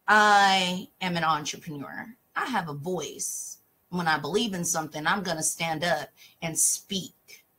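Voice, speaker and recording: A woman's voice: lowish voice, bright, forceful tone, a little hiss or hum. A woman talk show host, speaking emphatically and passionately in casual talk about scripture and reading verses aloud.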